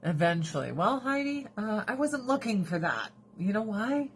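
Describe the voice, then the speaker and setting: A woman's voice: medium pitch, big pitch swings, moderate pace, slight background noise. A woman hosting a casual livestream chat, talking bluntly and expressively, swearing freely and often laughing. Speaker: livestream host.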